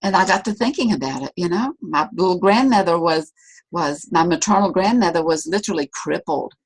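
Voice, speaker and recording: A woman leading a discussion, sharing a personal story in an earnest, searching and soft-spoken way, often repeating her phrases. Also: on the low side, expressive, a little fast, breathy edge. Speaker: discussion leader.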